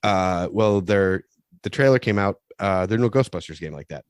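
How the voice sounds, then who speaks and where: A man's voice: sits low, expressive, clear, resonant tone, no room sound, clean studio sound. A man co-hosting a podcast in casual chat, rambling with many restarts and swearing freely. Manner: rambling, halting restarts, profane. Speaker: podcast co-host.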